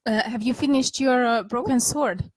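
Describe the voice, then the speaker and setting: A woman's voice: fairly high pitch, moderate pace, dry recording. A mother co-hosting a casual podcast, telling household stories and laughing between lines. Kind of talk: casual chat, anecdote telling.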